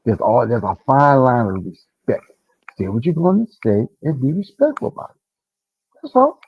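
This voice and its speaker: A man from Detroit speaks with a lively, swooping delivery in a casual panel discussion, his voice climbing high when he vents. His voice has a husky edge. The sound comes through a dull, lo-fi online call line. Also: normal speed, no room sound. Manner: animated, rising to a high pitch when venting. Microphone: online call mic.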